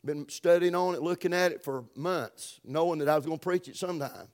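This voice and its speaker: A middle-aged pastor with a Southern US accent delivers a folksy sermon in a fairly high voice. He stretches words out for emphasis and swings between booming stresses and near-whispered phrases. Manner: folksy, emphatic, drawn-out preaching with sudden loud and soft turns.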